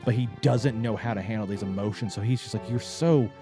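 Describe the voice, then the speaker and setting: A man chatting casually with a co-host as he recaps a video game's story, his pitch jumping when he gets excited. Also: quick pace, music in the background. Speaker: podcast co-host.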